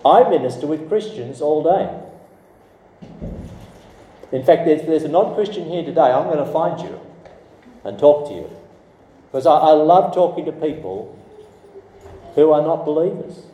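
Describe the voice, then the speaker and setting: A man, a pastor preaching a sermon in a lively, conversational way with asides to the congregation. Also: a little high, measured pace, long pauses. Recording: roomy hall, voice from a distance, faint background noise.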